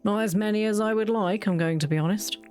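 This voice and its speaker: Speaking fast in a mid-range voice with a darkish tone, a young woman rambles casually and pokes fun at herself while playing a video game. She's a let's play host, and faint game music runs underneath.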